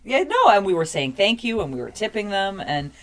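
A woman's voice: mid-range voice, animated, a little fast, a bit bright. A woman from Canada, a guest co-host chatting and laughing as she tells a story with lots of fillers. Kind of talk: casual chat.

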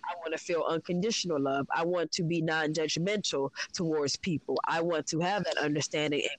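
A woman's voice: deep voice, a little fast, dry recording, low-quality recording. A woman candidly telling her spiritual story in a frank, profane, reflective way, with many fillers.

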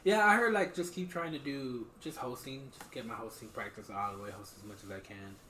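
A man hosting a casual podcast chat, talking haltingly with lots of fillers and throat clearing. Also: medium pitch, noisy background. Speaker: podcast host. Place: small studio. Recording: echoey small studio.

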